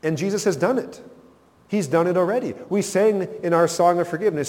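A man's voice: a little high, lively intonation, brisk, darkish tone, long reverb tail. A man preaching a sermon as pastor, emphatic, rising and falling for effect.

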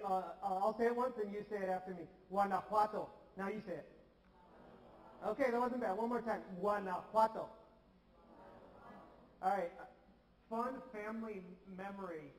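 A man's voice: high-pitched, darkish tone, distant mic. A man preaching a sermon as a visiting missionary, chatty and storytelling, drawing the congregation into repeating words with him. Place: church sanctuary. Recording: roomy hall, mic from afar.

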